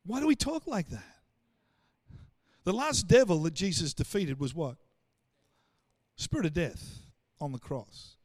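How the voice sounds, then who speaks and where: Animated high-voiced Australian male pastor. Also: unhurried, long pauses, no echo. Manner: animated, acts out quoted voices, stammered restarts. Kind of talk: sermon.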